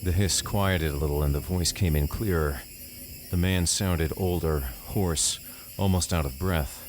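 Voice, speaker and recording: A man narrating a first-person horror story in a measured, deadpan way. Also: low-pitched, a little hiss or hum.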